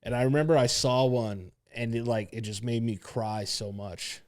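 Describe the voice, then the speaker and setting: A man's voice: mid-range voice, fairly even intonation, normal speed, a little mellow. A young man co-hosting a podcast in casual chat, asking curious questions with a sympathetic tone. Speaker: podcast co-host.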